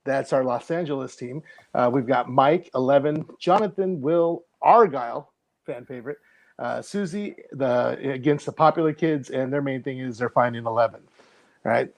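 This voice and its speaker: A middle-aged man co-hosting a casual podcast chat, lively and quick to laugh. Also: medium pitch, creaky. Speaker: podcast co-host.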